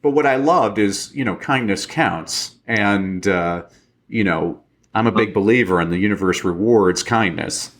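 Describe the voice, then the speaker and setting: A man as a podcast guest, telling animated stories in casual chat and acting out the quotes. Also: lowish voice, measured pace. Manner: animated storyteller, acts out quotes.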